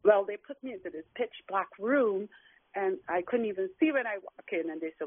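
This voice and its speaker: A woman's voice: medium pitch, brisk, no echo. A middle-aged woman calling in to a talk show, telling her own story in an earnest, emotional way. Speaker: guest caller. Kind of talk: personal account on a talk show. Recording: tinny dry phone line.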